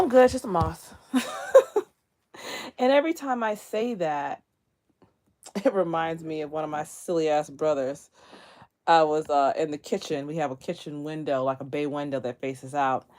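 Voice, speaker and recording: Chatty woman livestreaming. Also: sits low. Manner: chatty, laughs often, animated storytelling. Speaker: livestream host. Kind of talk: casual livestream chat. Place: bedroom near closet, indoors.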